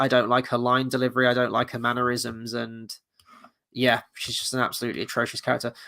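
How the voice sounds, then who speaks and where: A man's voice: mid-range voice, bright, forceful tone. A man hosting a film review, ranting casually and bluntly, profane and rambling with many restarts, tired late at night.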